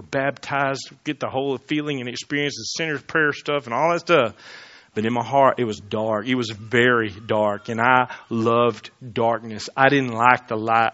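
Fervent bright-voiced preacher. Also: male voice, mid-range voice, highs cut off. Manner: swings between loud fervent preaching and quiet confiding asides. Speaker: pastor. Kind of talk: sermon.

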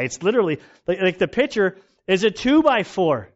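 A male pastor preaching in a casual, storytelling way, animated and self-mocking, often laughing. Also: high voice, moderate pace. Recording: dull lo-fi recording.

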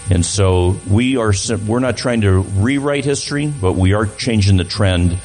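A man's voice: on the low side, normal speed, darkish tone, soft background music, poor audio. Man giving a guest talk in church. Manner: conversational, repeats words while restarting. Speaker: guest speaker.

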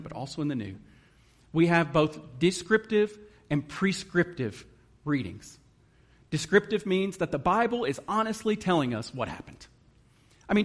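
A man preaching a sermon in an earnest manner, reading scripture and explaining it. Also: on the high side. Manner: earnest, emotional at times, reads scripture aloud. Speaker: guest preacher.

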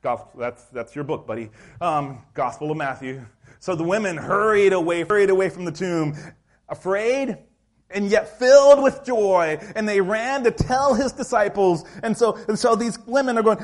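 A male pastor preaching a sermon in a church, telling the story in a lively, acted-out way. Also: high voice, normal speed. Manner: animated storytelling, acts out scenes.

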